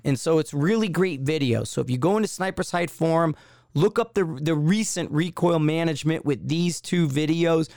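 A man's voice: on the high side, normal speed, gravelly, a little mellow, no room sound, studio quality. Rambling man hosting a podcast. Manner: rambling, many fillers and restarts. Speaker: podcast host. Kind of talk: casual solo podcast chat.

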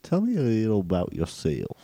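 A man playing a self-important judge who speaks softly and haltingly, a little lower than his own voice. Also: wildly swooping pitch, husky, no room sound, full character voice. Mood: solemn. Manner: soft, halting and low. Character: slow, mumbling, self-important male judge.

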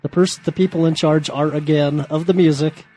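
Opinionated man, slightly high voice. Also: fairly even intonation, normal speed, mellow, a little hiss or hum, rough recording. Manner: opinionated, grumbling critic. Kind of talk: casual group chat.

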